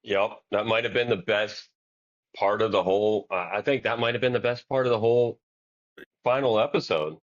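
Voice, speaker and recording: A man's voice: fairly low pitch, normal speed. A man co-hosting a podcast in casual chat, laid-back and agreeable, mostly giving short replies. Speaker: podcast co-host. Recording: dull lo-fi audio.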